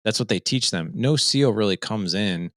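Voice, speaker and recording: Guesting on a show, a fatherhood coach and podcast host in his forties shares a personal story with earnest emphasis, regularly checking in with "right?". His lowish voice has lively intonation and a fairly bright tone at a moderate pace, captured in studio quality without room sound.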